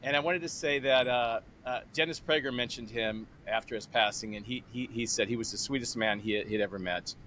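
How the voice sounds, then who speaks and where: A man in his sixties hosting a podcast interview, chatty and animated, acting out conversations as he retells them. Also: mid-range voice, brisk, few pauses, a little hiss or hum. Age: 60s. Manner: animated, retells phone calls with lively imitated voices. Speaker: podcast host. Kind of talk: casual interview.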